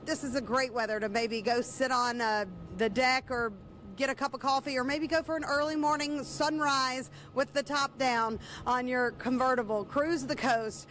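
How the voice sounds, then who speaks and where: A woman with a high voice delivers a chatty TV weather forecast. There is a faint background hiss. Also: steady tone, normal speed, hardly any pauses, a bit bright.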